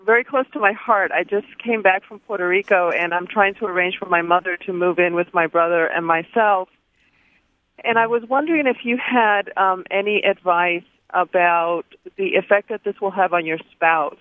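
A man calling in to a radio show, eager and halting, with many fillers. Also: high-pitched, dry recording. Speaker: caller. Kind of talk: phone-in question. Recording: thin phone line.

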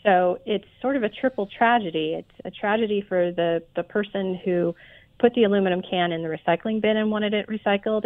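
A woman being interviewed as a radio guest over a phone line, explaining things in a measured way with frequent ums. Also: mid-range voice. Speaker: guest, president of a recycling institute.

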